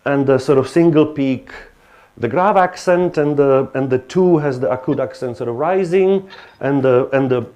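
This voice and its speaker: A man's voice: on the high side, a little mellow. Hesitant male lecturer. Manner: hesitant, many restarts and fillers. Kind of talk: academic lecture.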